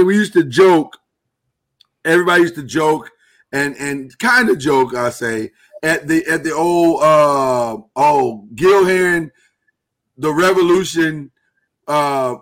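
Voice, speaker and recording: A man hosting a live talk show, speaking earnestly and haltingly while he holds back emotion. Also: fairly high pitch, fairly bright tone. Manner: earnest, halting, with many restarts. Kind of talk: casual live-stream talk.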